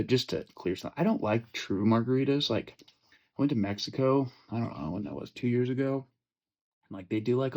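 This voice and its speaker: A man's voice: lowish voice, a little mellow. A young man hosting a casual fantasy football chat, profane and joking, rambling with lots of fillers and restarts. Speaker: fantasy football podcast host.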